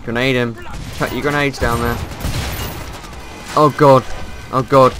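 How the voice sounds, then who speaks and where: A young man commenting on a shooter game as he plays, excitable and yelling when things go wrong. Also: medium pitch, a little slow. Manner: excitable, yelling in panic during fights. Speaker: gaming YouTuber. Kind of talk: gameplay commentary. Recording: gunfire noise behind voice. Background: game gunfire and effects.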